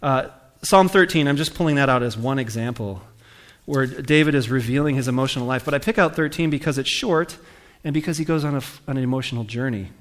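A man's voice: mid-range voice, quick pace. A man preaching a sermon in a conversational way, asking his congregation questions and reading scripture aloud with rising emphasis. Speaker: pastor.

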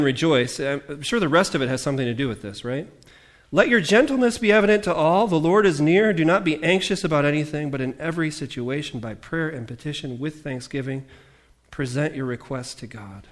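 Animated male pastor preaching. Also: a little high, normal speed. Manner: animated, jokey asides, mimics voices. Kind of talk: sermon.

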